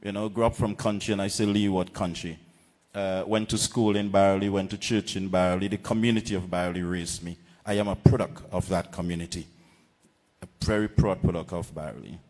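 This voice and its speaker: Deep-voiced Vincentian man at a rally. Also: fairly even intonation, a little mellow, long reverb tail. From Saint Vincent and the Grenadines. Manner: measured oratory with deliberate pauses and repetitions. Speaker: political candidate. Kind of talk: political rally speech. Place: outdoor political rally platform.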